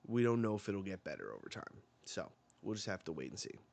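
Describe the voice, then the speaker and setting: A man's voice: low voice, sing-song, fairly quick, vocal fry, a little mellow. A man hosting a live manga reaction, chatting casually and rambling with lots of "like" and "you know", with the odd swear.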